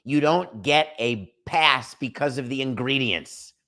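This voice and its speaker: A man's voice: mid-range voice, measured pace, pushed and bright. A middle-aged man hosting a sports talk show, ranting in an opinionated, sarcastic monologue. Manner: sarcastic, emphatic, rants with mock quotes.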